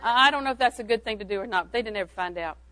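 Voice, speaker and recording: A woman's voice: fairly high pitch, very fast, bright, forceful tone, a faint crowd, a little hiss or hum, low-quality recording. An older woman giving a homespun talk on parenting to a church audience, telling anecdotes and chuckling between them. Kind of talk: folksy storytelling talk to an audience.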